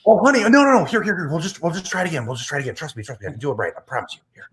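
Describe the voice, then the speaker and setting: Man doing a flirty husband, high swooping voice, very lively pitch, stammers, gushes, improv comedy. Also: normal speed, natural voice. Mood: gushing flirty. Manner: gushing and stammering. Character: overeager flirty husband cooking pancakes.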